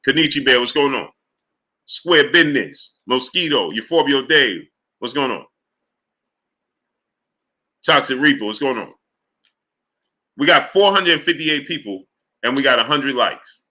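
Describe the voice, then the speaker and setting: A man hosting a sports livestream, talking fast and exasperated, firing rhetorical questions and greeting chatters in a low mutter. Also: expressive, bright, forceful tone. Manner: exasperated, rhetorical, repeats himself. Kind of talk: live stream commentary, reading chat.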